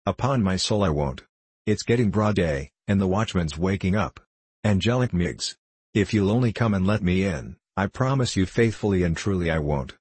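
A man's voice: sits low, animated, normal speed, darkish tone, husky, no echo. A man voicing a pompous young apprentice who pleads urgently and earnestly. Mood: pleading.

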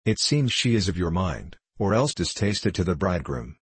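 A man voicing a timid, devout young runaway from an old adventure tale, speaking in low, breathy tones. He pleads in archaic phrasing, and the recording is dry and close. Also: big pitch swings, normal speed, no room sound, full character voice. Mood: earnest. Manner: pleading, old-fashioned speech. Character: timid gentle youth on the run, pious.

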